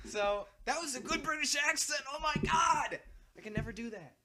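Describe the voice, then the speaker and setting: Man, high voice, excitable, jokey, casual podcast chat. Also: fairly quick, a loud crowd. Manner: excitable and jokey, laughs often. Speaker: podcast co-host.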